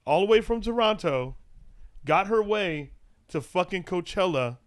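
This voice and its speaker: A man's voice: sits high, animated, a little slow. A man hosting a podcast, playfully introducing his guest and reacting with disbelief. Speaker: podcast host. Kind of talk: casual chat.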